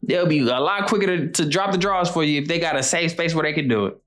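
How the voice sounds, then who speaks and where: A man's voice: a little high, quick pace, fairly bright tone, faint music behind. A young man hosting a show, giving blunt, repetitive motivational talk full of slang. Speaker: show host. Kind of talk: motivational monologue.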